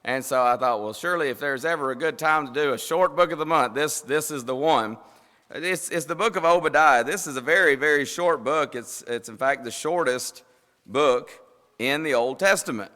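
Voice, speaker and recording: A man's voice: a little high, normal speed, sharp tone. A man with a Southern US accent preaching a sermon, telling a story in a folksy, rambling way and laughing as he goes. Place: church sanctuary. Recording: long reverb of a church hall.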